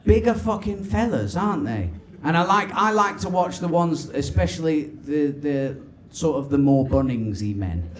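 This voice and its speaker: A male stand-up comedian, animated and swearing, on a comedy club stage. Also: a little high, normal speed, hardly any pauses. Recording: live club with crowd laughter.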